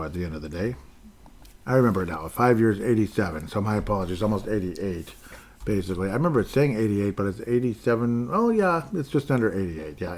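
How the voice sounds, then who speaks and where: A man hosting a solo sports podcast, rambling and joking as he goes through player contracts, sometimes playing with his voice. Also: fairly low pitch. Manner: rambling, jokey, plays with his voice. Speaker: podcast host.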